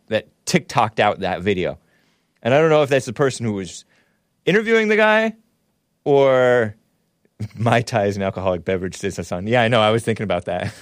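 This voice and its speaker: A man's voice: mid-range voice, no echo. Rambling male talk show host, dry sound. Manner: rambling, laughs often, restarts mid-sentence. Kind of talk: casual call-in talk show.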